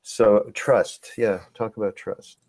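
Low-voiced reflective male host. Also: fairly even intonation, creaky, a little mellow, no echo. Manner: reflective, unhurried, searching for words. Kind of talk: webinar Q&A conversation.

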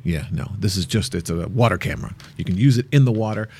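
A man co-hosting a travel show, chatting casually and telling an animated, playful anecdote. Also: fairly low pitch, quick pace, creaky, husky. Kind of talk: casual chat.

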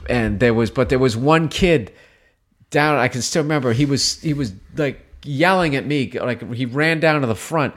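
A man, a stand-up comedian, telling a long story in casual conversation, swearing freely and jumping up high in pitch when he quotes people. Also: normal speed. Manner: animated, profane, jumps in pitch when quoting people.

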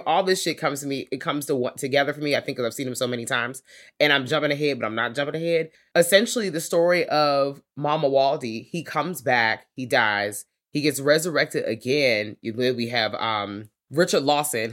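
A man's voice: medium pitch, a bit bright. A man co-hosting a podcast, chatting casually about movies in a slangy, profane way and acting out characters' lines. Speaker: podcast co-host.

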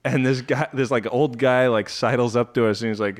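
A man's voice: mid-range voice, fairly even intonation, brisk, few pauses. Laughing, anecdote-telling male host. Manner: laughs often, tells anecdotes with quoted voices. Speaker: podcast host. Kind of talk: casual chat. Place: Brooklyn.

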